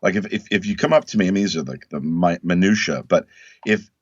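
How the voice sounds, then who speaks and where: A man talking as a guest in a casual interview, emphatic and animated, acting out quotes in other voices. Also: deep voice, quick pace, slightly rough, no room sound. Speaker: actor guest. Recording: dull lo-fi dry sound.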